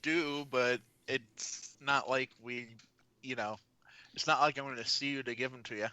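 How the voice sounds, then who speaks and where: Podcast guest, adult man, wisecracking, bright and tense tone, dry sound. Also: mid-range voice, steady tone, normal speed, smooth, dry recording, rough recording. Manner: wisecracking, laughing. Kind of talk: casual chat.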